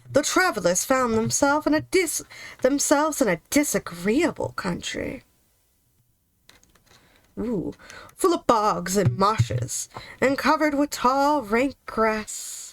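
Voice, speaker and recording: A woman's voice: on the high side, expressive, slow, fairly bright tone, no room sound, poor audio. A woman reading a children's novel aloud for her channel, chatty with little asides between passages. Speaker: storyteller, channel host.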